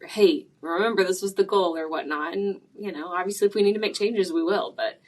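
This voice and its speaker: Relaxed woman financial planner, lowish voice. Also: fairly quick. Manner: relaxed, conversational, many "like" fillers. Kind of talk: casual interview conversation.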